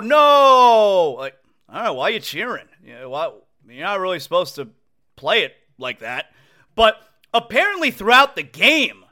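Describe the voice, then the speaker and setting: A man hosting a casual sports talk show from home, excitable, repeating phrases and restarting sentences as he talks. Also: sits high.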